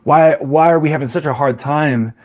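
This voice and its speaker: A man's voice: on the high side, normal speed, darkish tone. Reflective man hosting a podcast. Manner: reflective, thinks aloud with restarts and rhetorical questions. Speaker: podcast host. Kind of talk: philosophical discussion.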